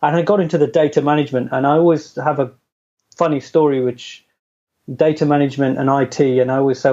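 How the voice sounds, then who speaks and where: A man's voice: medium pitch, fairly even intonation, fast, dark tone. Chatty man with a dull lo-fi sound. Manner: chatty, self-deprecating, laughs often. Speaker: interview guest. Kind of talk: casual storytelling. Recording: dull lo-fi audio.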